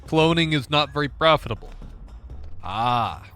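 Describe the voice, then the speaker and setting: A man's voice: fairly high pitch, expressive, unhurried, sharp tone, clean tone, faint music behind. A man streaming a game, chatting casually and sarcastically to himself and his viewers, laughing and swearing often. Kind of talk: casual gaming commentary.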